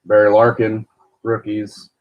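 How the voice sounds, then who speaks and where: A man's voice: fairly low pitch, completely flat delivery, measured pace, phone-quality sound. A man chatting casually on a live stream about his baseball card collection, answering viewers' comments as he goes. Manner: rambling, chatty, reads viewer comments aloud.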